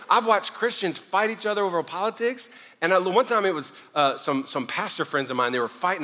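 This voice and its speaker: Middle-aged Southern pastor, lively joking sermon delivery, bright voice echoing through a church. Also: male voice, fairly high pitch. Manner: animated, joking preacher, swings loud and quiet. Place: church sanctuary. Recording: long hall reverb.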